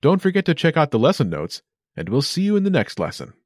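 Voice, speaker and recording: A man hosting a short language lesson, reading scripted narration with a clear, upbeat instructional delivery. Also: fairly high pitch, wildly swooping pitch, quick pace, no echo, clean studio sound.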